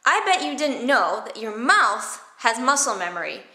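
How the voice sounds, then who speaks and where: A woman teaching theatre vocal warmups in a playful, silly way, exaggerating her mouth movements. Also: on the high side, big pitch swings, normal speed. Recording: echoey room.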